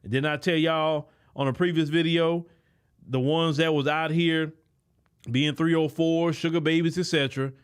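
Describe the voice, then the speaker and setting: A man's voice: on the high side, steady tone, normal speed, smooth. A man hosting his own show, giving an emphatic, lecturing commentary with frequent stalling fillers. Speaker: host. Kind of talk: commentary monologue.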